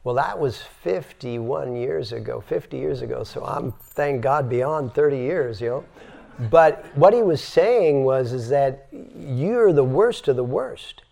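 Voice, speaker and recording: A man's voice: medium pitch, expressive, unhurried, gravelly, dark tone. An older man giving a spiritual yoga lecture, demonstrating breath sounds and telling stories with emphasis. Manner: demonstrative, exhales sighing sounds to teach breathing. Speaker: yoga teacher.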